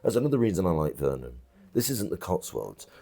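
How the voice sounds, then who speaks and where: This is a pub landlord chatting in an interview. His voice sits low and has a gravelly edge. He talks bluntly and loosely, full of restarts and asides. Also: sing-song, brisk, mellow. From England. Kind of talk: casual interview chat. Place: country pub bar.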